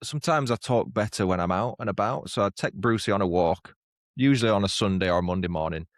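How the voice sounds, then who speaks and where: A man with a lowish voice chats easily as a podcast co-host and often breaks into laughter at his own jokes. The sound is dry and close, with no room around it. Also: quick pace, no room sound. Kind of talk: casual chat. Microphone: lapel mic on walks, studio mic here.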